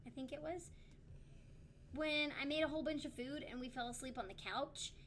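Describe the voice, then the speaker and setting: A woman's voice: sits high, steady tone, normal speed, fairly bright tone, a little hiss or hum. A young woman co-hosting a livestreamed talk show, telling stories in a loose, rambling way. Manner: rambling storyteller with many fillers and restarts. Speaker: podcast co-host. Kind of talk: casual chat on a livestream.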